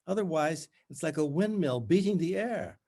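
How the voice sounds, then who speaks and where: A man voicing a brisk woman tutor in her fifties, with a strangulated voice forced through gritted teeth and a falsely bright, bossy manner. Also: a little high, animated, vocal fry, pitched above the performer's own voice. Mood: prim, falsely cheery. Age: 50s. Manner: unbearably faux bright, prim and bossy.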